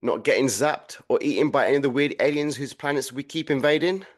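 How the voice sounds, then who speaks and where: A man voicing a dim, grumbling trooper who says whatever comes to mind. His voice is mid-pitched and plain, delivered flatly and bluntly. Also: a little fast, lightly acted. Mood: grumpy. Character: dim, grumpy male soldier bunkmate. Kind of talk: audio comedy acting.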